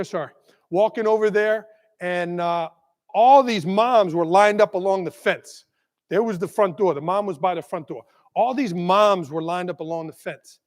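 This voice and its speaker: High-voiced man telling a keynote story. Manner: animated, checks in with the crowd with constant "right?". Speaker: keynote speaker, school leader. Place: large conference hall. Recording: long hall reverb.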